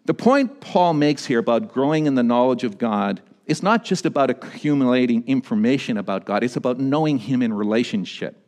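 A pastor delivering a sermon, swinging between emphatic high points and quieter, low-voiced storytelling. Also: male voice, fairly quick, few pauses. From Canada. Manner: animated preaching, rising to emphatic peaks and dropping low for stories.

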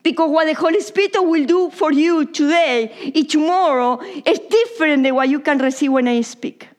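High-voiced woman preaching in English. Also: moderate pace. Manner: non-native English with Spanish slips, drops to whispers. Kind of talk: sermon.

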